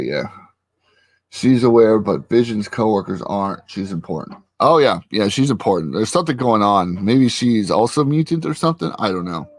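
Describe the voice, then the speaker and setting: In a dry recording, a man with a fairly low voice casually recaps a TV episode for his vlog. He's at his computer with a friend, rambling through it with many fillers and quotes he acts out.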